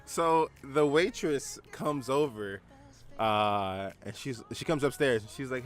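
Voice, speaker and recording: A man co-hosting a podcast, telling a personal story in a relaxed, rambling way with lots of fillers. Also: mid-range voice, slow, faint music behind. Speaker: podcast co-host. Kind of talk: casual storytelling chat.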